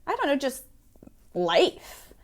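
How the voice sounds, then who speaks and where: A woman in her thirties from the American South, a guest telling stories in a casual interview, animated and laughing often. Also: high-pitched, slow pace. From Florida, American South.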